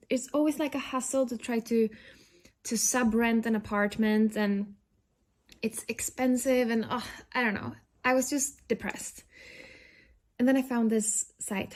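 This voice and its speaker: A woman's voice: fairly high pitch, a little mellow. Rambling young woman vlogging at home. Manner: rambling and self-deprecating, many fillers and restarts. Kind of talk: casual vlog chat. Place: indoors in a rented apartment.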